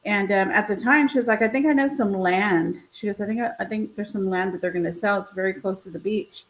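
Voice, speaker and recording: Woman realtor, storytelling, animated quoted voices, video call, middle pitch. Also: a little fast, poor audio. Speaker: realtor and co-host. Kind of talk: casual storytelling on a live stream.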